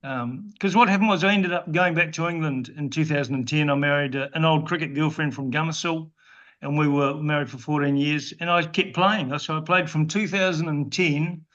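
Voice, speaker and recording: A New Zealand man in his sixties, a former cricketer, guests on a casual interview podcast with a dull lo-fi sound. His voice is a little high, steady, fairly bright and a little fast as he tells rambling, dryly funny anecdotes with frequent restarts.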